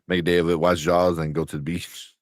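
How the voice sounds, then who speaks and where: A man co-hosting a casual show chat, animated, laughing often and restarting his sentences. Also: low voice, brisk, no echo, clean studio sound. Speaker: co-host.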